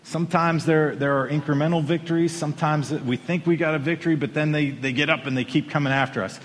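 A man preaching in church, his voice a touch higher than most men's. He tells the story with animated, emphatic rises. A long reverb from the sanctuary trails after each phrase. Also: fast, a little hiss or hum. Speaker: pastor. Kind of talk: sermon.

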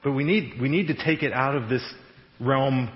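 A man's voice: mid-range voice, moderate pace. Man preaching in an echoey hall. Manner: conversational, animated, laughs at own jokes. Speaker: pastor. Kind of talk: sermon. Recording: echoey hall, dull radio-like sound.

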